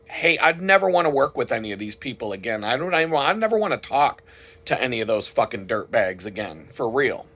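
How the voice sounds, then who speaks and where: A man's voice: mid-range voice, very animated, a little fast, a bit bright. Man on a heated, profane rant. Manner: heated and indignant, frequent swearing. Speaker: vlogger. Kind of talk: profane ranting monologue.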